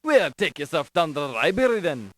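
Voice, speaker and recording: Gruff Irish police sergeant, game character, dismissive, lively high voice. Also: male voice, a little fast. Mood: brusque. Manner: brusque, dismissive, calls her lass.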